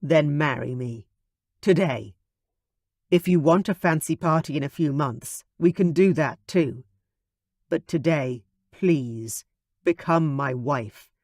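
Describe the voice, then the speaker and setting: A man's voice: fairly high pitch, slow pace, darkish tone, no echo, clean studio sound. A man voicing a confident young man in love in an audiobook, earnest and tender.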